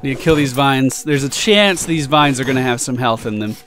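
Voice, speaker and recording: A man hosting a let's play, giving casual gameplay commentary in an excitable way, swearing often and reacting loudly to loot. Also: mid-range voice, normal speed, faint music behind.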